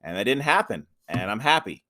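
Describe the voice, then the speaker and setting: Profane ranting man, bright voice. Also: fairly low pitch, very animated, brisk. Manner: ranting, profane, repeats himself. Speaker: podcast co-host. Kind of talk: casual wrestling chat.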